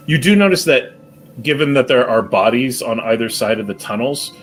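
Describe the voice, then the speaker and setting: A man narrating a tabletop role-playing game as game master, describing scenes in a measured way. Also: mid-range voice, lively intonation, faint music behind.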